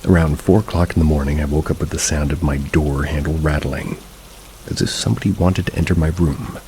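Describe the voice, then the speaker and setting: Deep, gravelly man reading horror stories, measured. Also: steady tone, a little mellow, slight background noise, poor audio. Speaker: horror story narrator. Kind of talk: scripted narration of reader stories.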